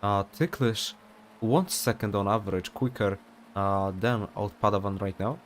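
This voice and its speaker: A man's voice: on the low side, moderate pace, slight background noise. A young man commentating an online sim race in a casual, rambling way, with many fillers and off-topic asides.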